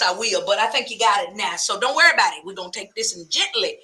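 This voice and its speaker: A woman radio host, doing an animated comic rant that slips into preacher-like cadences. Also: mid-range voice, fast. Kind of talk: comedic talk radio rant.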